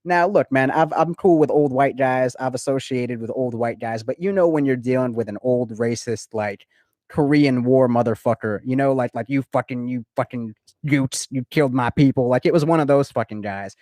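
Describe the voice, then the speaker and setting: A man tells a personal story in casual chat, animated and profane. He swears freely and trips over repeated words. His voice sits at a middling pitch, recorded close and dry. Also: normal speed, dry recording. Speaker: guest in a recorded conversation. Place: lives in Florida.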